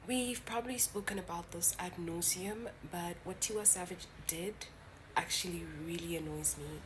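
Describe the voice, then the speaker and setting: A woman's voice: lowish voice, moderate pace, noisy background. An annoyed woman giving reaction commentary, laying out her points one by one.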